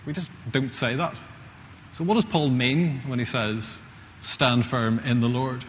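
Male preacher, chatty sermon delivery, mid-pitched voice, muffled recording in an echoing church hall. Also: a little slow, a little hiss or hum. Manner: conversational, asks the congregation questions.

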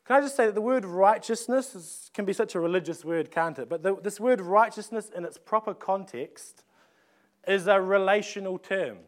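A man's voice: high-pitched, normal speed. A man, preaching a sermon in a conversational way, often restarting phrases and asking rhetorical questions. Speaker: pastor.

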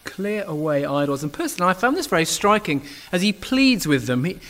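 Earnest preacher man, slightly higher voice. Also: big pitch swings, quick pace, a bit bright. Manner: earnest, emphatic with occasional restarts. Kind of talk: sermon.

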